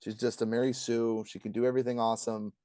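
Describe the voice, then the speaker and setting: A man co-hosting a casual review podcast, ranting with energy and acting out quotes in a higher voice. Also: fast, noisy background. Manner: animated, ranting, acts out quotes in a high voice. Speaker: podcast co-host.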